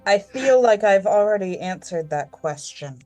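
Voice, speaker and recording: A woman's voice: mid-range voice, animated, a little slow, dark tone, soft background music, close to an everyday voice. A woman playing a sullen, blunt agent. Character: guilt-ridden, prickly female agent.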